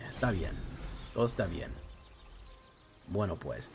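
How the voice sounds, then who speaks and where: Low-voiced bilingual male game streamer. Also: normal speed, pauses often, a little hiss or hum. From Latino family. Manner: bilingual, switches between English and Spanish mid-game; loose and profane, with frequent "um" and "like". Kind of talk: casual game-stream commentary.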